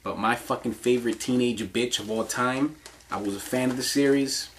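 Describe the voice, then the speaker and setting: A man's voice: medium pitch, moderate pace, fairly bright tone, slight background noise. A man giving casual countdown commentary in a crude, rambling, profanity-heavy way, often laughing.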